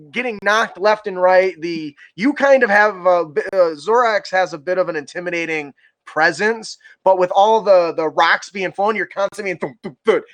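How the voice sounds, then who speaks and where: A young man with a high voice runs a tabletop game, narrating scenes and asking for rolls. He talks loosely and laughs often. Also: fairly bright tone. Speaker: dungeon master.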